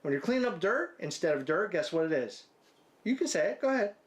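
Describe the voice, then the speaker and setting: A man's voice: high voice, big pitch swings, fast talker. A man co-hosting a podcast, rambling through crude, absurd hypotheticals with profane banter. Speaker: podcast co-host.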